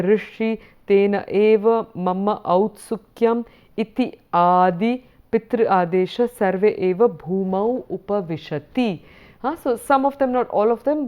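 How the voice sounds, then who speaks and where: A woman lecturer talks through a recorded university lesson in a patient, explanatory way. Her voice sits at a middle pitch. The recording sounds a little dull and lo-fi. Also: smooth. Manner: patient, explanatory, reads verse slowly.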